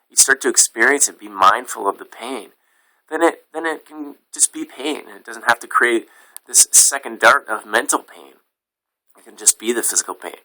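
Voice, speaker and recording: Sharp-voiced man giving a dharma talk. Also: medium pitch, expressive, normal speed, low-quality recording. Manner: plain-spoken and frank, with casual swearing. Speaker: Buddhist meditation teacher.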